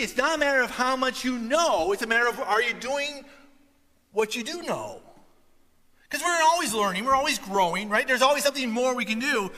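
A man, a pastor, preaching a sermon and telling a personal story in an animated way, acting out the voices of the people in it. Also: very high voice, in a large hall.

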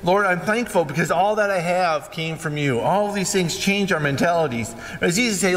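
A man delivers a sermon in a fairly high, bright voice, acting out the characters as he retells the story. His voice carries a long reverb from a large hall, with faint ambience behind it. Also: expressive, normal speed. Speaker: pastor.

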